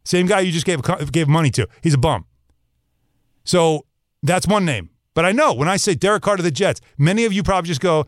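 A man's voice: fairly high pitch, expressive, brisk, dry recording, clean studio sound. A man hosting a sports talk show, talking straight to his listeners in an emphatic, opinionated monologue.

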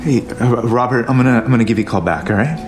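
An actor playing a worried husband who soothes his wife firmly and quickly, in a film clip with loud music. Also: mid-range voice, lightly acted. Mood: insistent. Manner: soothing but firm, hurried.

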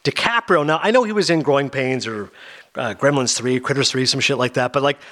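A man hosting a radio show, chatting casually and quickly about movies, rambling and animated. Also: mid-range voice. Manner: fast, rambling, animated with impressions. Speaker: radio host. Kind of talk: casual film talk.

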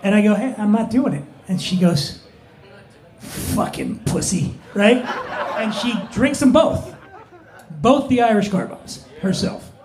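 A man telling a drinking story in a casual, animated panel chat, often laughing. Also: sits high, normal speed. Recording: roomy echo.

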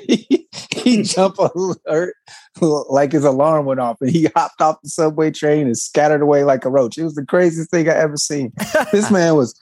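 A man's voice: on the high side, a little mellow, no echo. An American man co-hosting a podcast, telling casual stories and laughing his way through them. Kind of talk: casual chat, storytelling.

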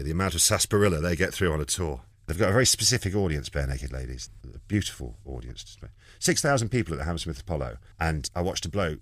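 Super deep guy rattling off funny stories fast, dry close sound, does little voices for the quotes. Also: no room sound. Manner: rambling storyteller, acts out quoted lines. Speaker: comedian guest. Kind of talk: anecdotal interview chat.

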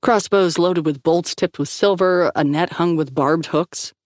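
Audiobook narrator, woman, steady measured reading, dry studio. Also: on the low side, no room sound. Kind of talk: scripted narration.

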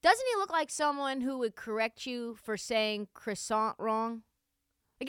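A young woman hosting a solo sports podcast, talking in a sarcastic, animated, joking way. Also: fairly high pitch, unhurried, clean tone, dry recording, clean studio sound. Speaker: podcast host.

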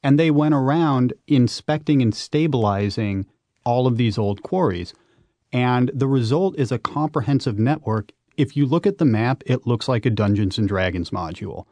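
Male interview guest, mid pitch, dry close sound, lively emphatic storyteller. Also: moderate pace, no room sound. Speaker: guest, urban explorer and author. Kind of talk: radio interview.

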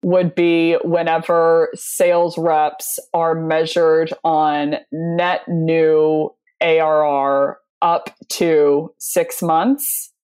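A woman's voice: low-pitched, little pitch movement, extremely slow, few pauses, a little mellow, clear, resonant tone. A woman guest on a sales podcast, telling anecdotes in a chatty way, laughing often and using lots of fillers. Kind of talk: casual conversational interview.

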